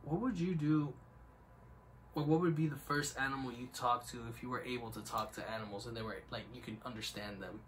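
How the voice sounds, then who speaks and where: A man's voice: mid-range voice, fairly quick. Rambling young man, off-mic. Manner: rambling, laughs often. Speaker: podcast co-host. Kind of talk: casual chat. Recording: distant mic, faint background noise.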